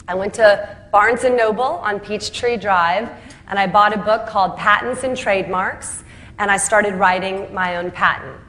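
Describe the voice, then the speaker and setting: In a lively speech, a woman founder tells her own story with self-deprecating humor, mimicking the people she quotes and laughing at her punchlines. Her voice sits in the mid range and she speaks at a moderate pace.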